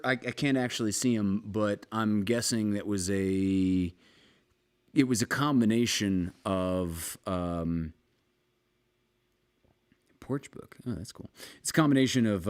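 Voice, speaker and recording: A man hosting a casual live music stream, rambling through an animated story with restarts and casual swearing, talking from home. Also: fairly low pitch, smooth. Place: home, with balcony and fire pit.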